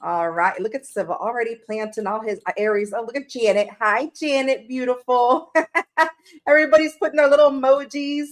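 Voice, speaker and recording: A woman with a slightly high voice talks casually to her livestream viewers from her room at home. She is tearful and emotional, and she greets people in the chat by name as she gets ready to read tarot. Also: fairly even intonation, brisk.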